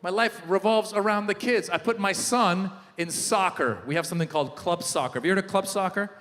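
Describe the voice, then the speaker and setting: A middle-aged man performing a stand-up comedy set, telling animated stories and shouting in character voices. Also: sits high, brisk. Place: large live venue. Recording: live hall with long reverb.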